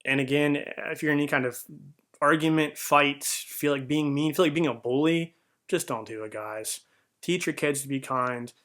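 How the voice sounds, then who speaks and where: A man's voice: a little high, normal speed, fairly bright tone. A young man telling a heartfelt personal story in an earnest, rambling way, with fillers and restarts. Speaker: vlogger.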